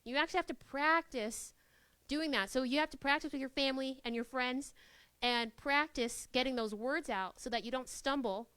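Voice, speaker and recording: In a university classroom, a high-pitched young woman presents a live workshop to students, animated and playful, slipping into quoted voices to act out scenes. She speaks smoothly at a normal speed, and her voice sounds close and dry with almost no room echo.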